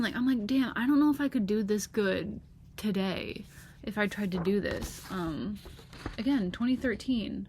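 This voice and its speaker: A woman's voice: mid-range voice, unhurried, vocal fry, darkish tone. A young woman talks casually to a laptop webcam in a chatty, gushing way, full of fillers. A faint hum of noise sits under her voice. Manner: chatty, gushing, lots of "like" and laughs. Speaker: vlogger. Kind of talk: casual chat.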